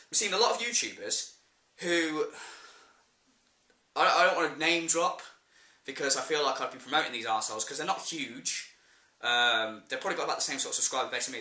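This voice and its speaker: Man, English accent, ranting vlogger, blunt and sweary, very bright voice, echoey room. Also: a little high. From England. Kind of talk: ranting vlog.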